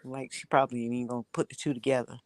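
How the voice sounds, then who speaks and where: A woman's voice: extremely low pitch, flat delivery, very fast, darkish tone, dry recording. A woman from Georgia with a Southern accent, chatting casually and laughing often. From Augusta, Georgia, USA. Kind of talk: casual chat.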